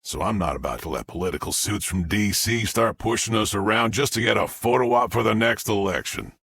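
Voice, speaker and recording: A man playing a gruff, impatient small-town sheriff who talks in a blunt, folksy way. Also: lowish voice, brisk, fairly bright tone, no room sound, studio quality, full character voice. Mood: defiant.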